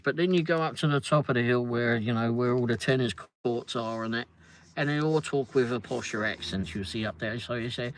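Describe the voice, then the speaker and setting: A man's voice: mid-range voice, a little fast, no echo. A middle-aged man from London with a London English accent, rambling and joking as he chats with viewers on a livestream. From London, England. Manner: chatty, rambling, jokey, answers chat comments. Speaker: livestream host. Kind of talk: casual livestream chat.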